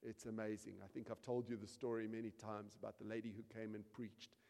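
A man preaching a sermon, swinging between quiet asides and loud, emphatic shouting. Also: on the low side, flat delivery, brisk, creaky. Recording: long reverb of a large hall.

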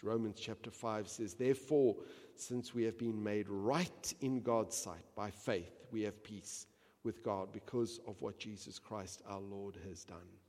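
Male pastor, lowish voice, moves between calm scripture reading and loud, impassioned passages; echoing hall sound. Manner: builds from quiet reading to loud impassioned preaching. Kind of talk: sermon.

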